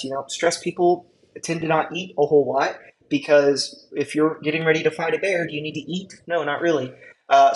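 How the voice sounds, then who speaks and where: In this low-quality recording, a male EMT instructor lectures his class in a slightly high, fairly bright voice. His casual delivery is packed with fillers, and he often pauses to check in with students.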